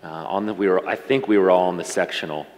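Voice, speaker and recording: A middle-aged man preaching a sermon as pastor, talking to the congregation in a warm, conversational and emotional way. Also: low-pitched, quick pace. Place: church sanctuary. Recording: reverberant church hall.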